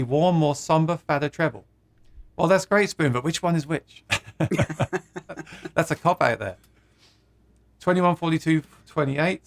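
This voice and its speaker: A chatty man hosts a live stream with a slightly higher-than-usual voice. He reads viewer comments aloud in a casual, playful way and laughs often at his own jokes. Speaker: host of a live guitar stream.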